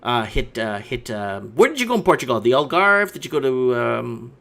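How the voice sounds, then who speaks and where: A man hosting a call-in show, chatting casually and asking his caller lots of quick questions. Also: medium pitch, very animated, vocal fry, fairly bright tone. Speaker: talk show host.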